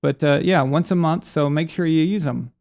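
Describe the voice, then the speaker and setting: A man's voice: on the high side, normal speed, vocal fry, darkish tone. A man hosting a live sports stream in a casual, rambling way, reading out viewer messages. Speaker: sports show host.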